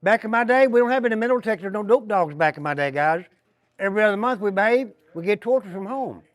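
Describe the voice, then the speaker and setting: An older man, a former prisoner, leads a walking tour through large prison halls and a yard, telling stories in a folksy way and calling the group "guys." His voice is high-pitched, animated and fast, and he keeps saying "give you an idea." Long reverb from the hard, echoey halls fills the recording.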